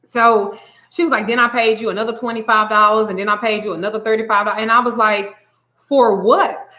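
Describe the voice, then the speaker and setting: Woman, chatty livestream storyteller, bright tone, lo-fi muffled sound. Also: a little high, brisk. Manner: chatty, animated retelling, acts out both sides of a call. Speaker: spiritual reader and vlogger. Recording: slightly dull lo-fi audio.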